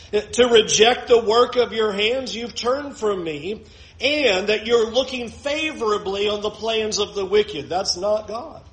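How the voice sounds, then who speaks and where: A man preaching an expository sermon, earnest and emphatic, slowing and repeating phrases for weight. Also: high voice, a bit bright, roomy sound, poor audio.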